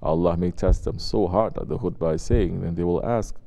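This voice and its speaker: A man preaching to his congregation in a relaxed, conversational way. His voice sits fairly low with a dark, mellow tone. He keeps asking his listeners pointed rhetorical questions. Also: a little fast, creaky. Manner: conversational, asks rhetorical questions and acts out quotes. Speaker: Sufi sheikh. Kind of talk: spiritual sermon to a congregation.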